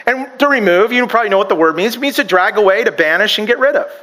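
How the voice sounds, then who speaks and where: A man's voice: high voice, lively intonation, quick pace, sharp tone, low-quality recording. A pastor preaching a sermon in a chatty way, with joking asides and personal stories, often stumbling and restarting his sentences. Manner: conversational, joking asides and self-deprecating stories.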